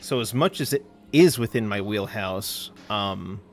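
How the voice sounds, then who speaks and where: A man's voice: lowish voice, lively intonation, unhurried, a little hiss or hum. A man streaming a game, chatting casually with viewers in a rambling, easygoing way while calling out what happens in play. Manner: rambling, easygoing, answers chat between game callouts.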